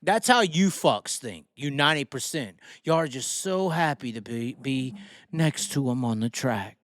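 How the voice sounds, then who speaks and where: A man's voice: mid-range voice, measured pace, dry recording. Heated, swearing male racing host. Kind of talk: profane opinion rant on livestream.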